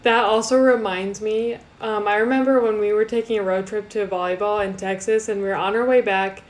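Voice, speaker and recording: A young woman co-hosting a casual podcast, chatty and quick to laugh, with casual swearing. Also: medium pitch, fairly even intonation. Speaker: podcast co-host. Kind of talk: casual chat.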